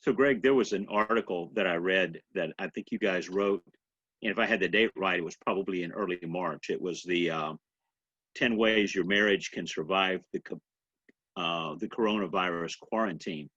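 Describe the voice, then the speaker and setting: A man hosting an interview who asks his questions in a measured, slightly halting way. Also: sits low, fairly bright tone, breathy edge, no echo. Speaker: podcast host. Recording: dry, dull lo-fi sound.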